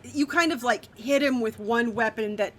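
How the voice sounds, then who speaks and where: A woman's voice: a little high, moderate pace, crowd noise. A woman running a tabletop game as game master, narrating the action vividly in a casual way with fillers.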